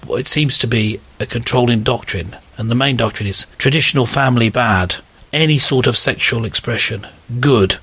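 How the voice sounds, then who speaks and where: A man's voice: medium pitch, moderate pace, bright, forceful tone, slightly rough, dry recording. A man hosting a talk show, discussing earnestly and posing questions to his co-host.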